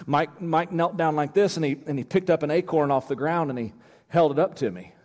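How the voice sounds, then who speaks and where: A male pastor delivering a sermon, emphatic and building to near-shouting, with restarts and chuckles. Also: on the high side, brisk. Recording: long church-hall reverb.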